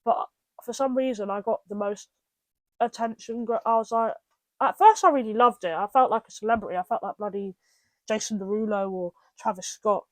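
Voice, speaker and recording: A woman's voice: mid-range voice, no echo. Chatty young British woman, dry sound. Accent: British English. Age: young adult. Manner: rambling, with many restarts and asides. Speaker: podcast host. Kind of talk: casual personal storytelling.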